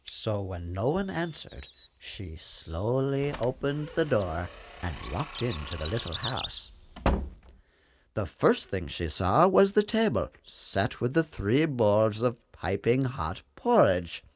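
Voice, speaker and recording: A man narrating a children's story in an expressive, sing-song storyteller manner. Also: fairly low pitch, takes it slowly, background noise.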